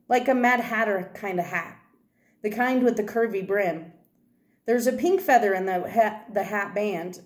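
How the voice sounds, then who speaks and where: A woman reading a children's novel aloud, telling the story in first person with steady delivery. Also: mid-range voice. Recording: roomy echo.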